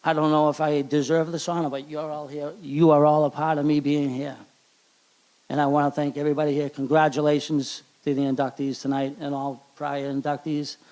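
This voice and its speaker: A middle-aged man with a Boston accent giving an emotional hall of fame acceptance speech at a banquet, halting and repeating words. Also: a little high, little pitch movement, a little mellow. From Charlestown, Boston.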